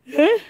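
Nigerian lady ranting to camera, high voice, loud and laughy, dry sound. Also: no echo. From Edo, Nigeria. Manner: excitable, often shouting and laughing. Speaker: online commentator. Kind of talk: animated monologue.

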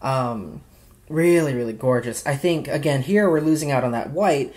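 A man's voice: mid-range voice, expressive, normal speed, a little mellow. A young man casually showing off a watch and accessories in a vlog, chatty and gushing, with many fillers. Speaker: watch vlogger. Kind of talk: casual show-and-tell vlog.

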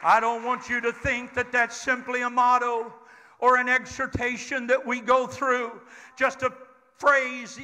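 Older male preacher, bright piercing high voice, slow delivery, hall echo with faint congregation, call-and-response. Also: monotone, some chatter behind. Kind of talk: Pentecostal sermon. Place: church sanctuary. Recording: church hall reverb with congregation.

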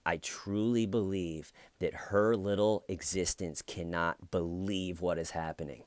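A man's voice: low voice, fairly even intonation, a little slow, few pauses, dry recording. A man giving casual true crime commentary in a sarcastic, mocking, rambling way.

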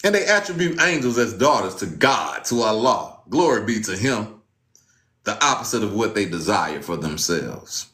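A man with a low voice preaching an informal sermon in an echoey room. His pitch jumps up into loud exclamations, then drops into low muttering. He reads scripture between casual, slangy asides. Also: sing-song, moderate pace.

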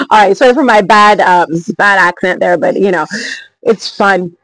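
A woman in her forties, telling travel stories in an energetic, emphatic, chatty way as a motivational vlogger. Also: medium pitch, moderate pace, no room sound, rough recording. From Canada. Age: 40s. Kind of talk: motivational storytelling vlog.

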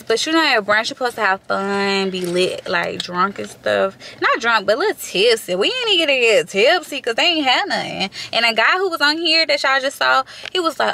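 A woman vlogger telling a story to the camera in a casual, animated way, swearing freely and calling her viewers y'all. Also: fairly high pitch, a little fast, gravelly, few pauses, slight background noise, rough recording. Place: inside a parked car.

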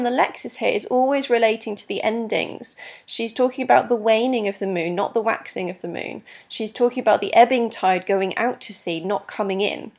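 Woman, teacher, recorded lesson, patient, clear, frequent ums, mid pitch. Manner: clear, patient, many ums, stresses rhythm aloud. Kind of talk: recorded exam lesson explaining poetry.

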